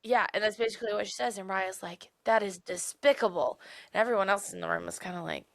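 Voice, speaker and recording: A young woman co-hosting a podcast, retelling a book's plot in a chatty, animated way with many fillers. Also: mid-range voice, very fast, gravelly, no echo. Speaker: podcast co-host. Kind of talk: casual book discussion.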